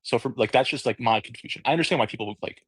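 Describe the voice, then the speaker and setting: A man's voice: medium pitch, racing, a bit bright, breathy edge, dry recording. A man speaking on an online panel, hesitant and full of fillers and restarts. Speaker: audio room panelist. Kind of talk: casual discussion.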